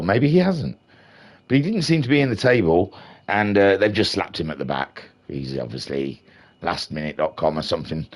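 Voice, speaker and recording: A man giving chatty, jokey live commentary on a sim-racing league, full of playful asides. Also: medium pitch. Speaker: race commentator.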